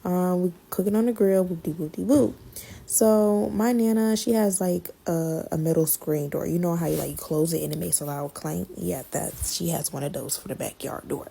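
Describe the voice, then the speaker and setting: A woman hosting a podcast, telling a story in casual, slangy chat that swings between loud and hushed. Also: lowish voice, normal speed, gravelly, slightly rough.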